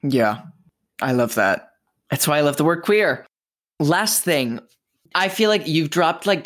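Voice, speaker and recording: A podcast host interviewing a guest, effusive and encouraging. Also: mid-range voice.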